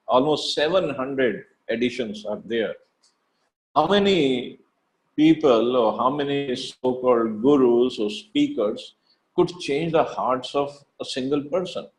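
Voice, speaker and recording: A man teaching a devotional scripture class in an earnest, emphatic way. He circles back on his phrases, restarting and repeating words to press his points. His voice sits at an ordinary middle pitch. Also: a little mellow, rough recording. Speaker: teacher giving a Bhagavad Gita class.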